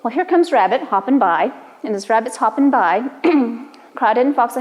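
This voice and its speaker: A woman's voice: a little high, normal speed, muffled recording. Brief: woman storyteller from the Cherokee Nation, easy conversational telling, lingering room echo. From Cherokee Nation, Oklahoma. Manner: relaxed, conversational, playful. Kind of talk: oral storytelling.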